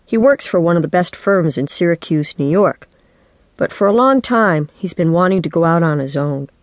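A woman narrating a children's book in the first person, with lively, wry storytelling. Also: lowish voice, normal speed, no room sound. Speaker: audiobook narrator. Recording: dry studio audiobook.

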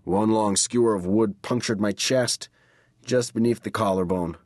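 A man reading a first-person horror story as an audiobook narrator, measured and dramatic. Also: on the low side, steady tone, darkish tone, dry recording, studio quality.

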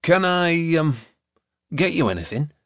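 A man's voice: on the high side, sing-song, no room sound, studio quality, pitched above the performer's own voice. A male narrator voicing a flustered middle-aged man who hesitates and fumbles for words. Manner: hesitant, fumbling, halting with ums. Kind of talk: audiobook character voice.

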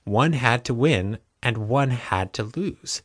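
A male audiobook narrator voicing a smug, calm young man who speaks in a smooth, easy, unbothered tone. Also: mid-range voice, slow pace, no echo, studio quality.

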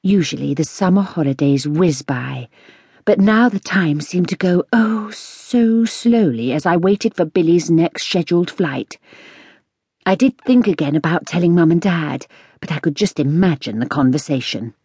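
Expressive woman reading a children's story. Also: lowish voice, normal speed, breathy edge, dry recording, clean studio sound. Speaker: audiobook narrator.

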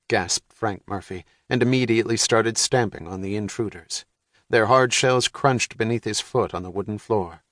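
Measured male audiobook narrator. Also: lowish voice, a bit bright, no echo. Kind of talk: scripted narration. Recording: dry studio.

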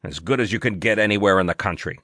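A man voicing a smooth, falsely concerned male government aide in a storybook reading, talking in a placating way. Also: on the low side, quick pace, a bit bright, dry recording, studio quality.

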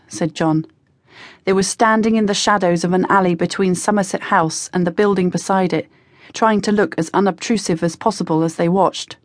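A woman reading a teen adventure audiobook in a measured storytelling manner. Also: lowish voice, fairly even intonation, no echo, studio quality. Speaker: audiobook narrator. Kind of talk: scripted narration.

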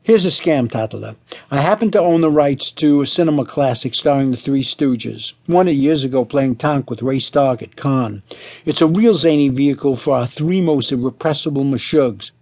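A man reading a humorous audiobook and voicing a pushy movie producer who talks in brash, fast sales pitches full of Yiddish slang. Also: darkish tone, natural voice.

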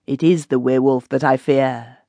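A woman's voice: rumbling low, fairly even intonation, normal speed, creaky, mellow, no room sound, clean studio sound. A woman voicing a troubled young huntsman who implores urgently in archaic speech. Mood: pleading.

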